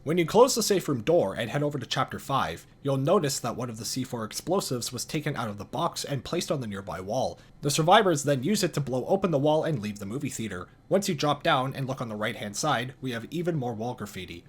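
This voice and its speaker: A man narrating video game lore in a calm, dry scripted style with casual swearing. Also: medium pitch, brisk, few pauses, breathy edge.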